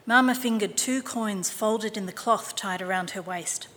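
Bright-voiced woman reading aloud. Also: medium pitch, long reverb tail. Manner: clear, measured read-aloud. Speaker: reader. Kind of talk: reading scripture and a picture book aloud.

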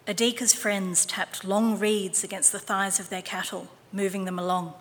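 A woman reading scripture and a picture book aloud in a clear, measured manner. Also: mid-range voice, little pitch movement, long reverb tail. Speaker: reader.

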